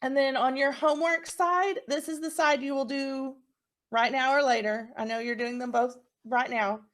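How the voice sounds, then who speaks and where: A woman teacher giving a recorded phonics lesson to young children, encouraging them and sounding out words slowly. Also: high voice, steady tone.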